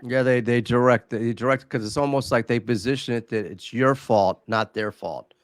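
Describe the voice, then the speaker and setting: A man's voice: mid-range voice, moderate pace, no echo. Man, podcast co-host, casual chat, easygoing, repeats words, mid-range voice, dry sound. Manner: easygoing, repeats words while thinking aloud.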